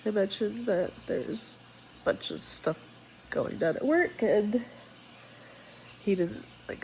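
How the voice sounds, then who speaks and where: A woman's voice: a little high, animated, measured pace, warm tone, slight background noise, rough recording. A young woman vlogging casually about her life, candid and direct, emotional and sick with a cold. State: sick, congested. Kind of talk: casual personal vlog.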